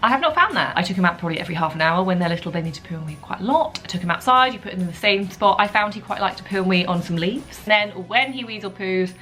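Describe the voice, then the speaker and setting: A young woman chatting casually in a relaxed way for her vlog, with lots of asides. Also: medium pitch, fast, hardly any pauses, faint music behind. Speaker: vlogger. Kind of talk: casual chat.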